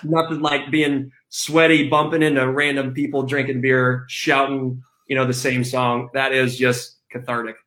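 A man's voice: medium pitch, little pitch movement, normal speed, hardly any pauses, a bit bright. A man being interviewed as a former player, chatting casually and easygoing, laughing often and using many fillers. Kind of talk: casual chat.

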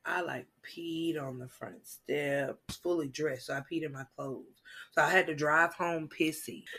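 A woman, guesting on a casual chat podcast and telling funny stories with animated quoted voices. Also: low-pitched, unhurried, husky. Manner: animated, acts out quotes, laughs loudly.

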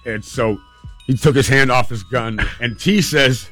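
A man's voice: medium pitch, measured pace, a bit bright, soft background music. A man telling a personal story in an earnest, emotional, vivid way.

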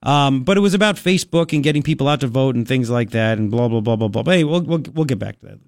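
Excitable man hosting talk radio. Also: mid-range voice, fast, no echo. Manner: excitable, exclaiming, rambling. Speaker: radio talk show host. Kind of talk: animated talk radio banter.

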